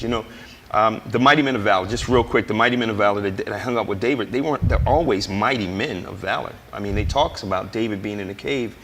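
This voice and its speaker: A man's voice: on the low side, fast, a bit bright, long reverb tail, a little hiss or hum. A man, a guest, telling his recovery testimony in an emphatic, preacher-like way and acting out the dialogue he quotes. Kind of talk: personal testimony in conversation.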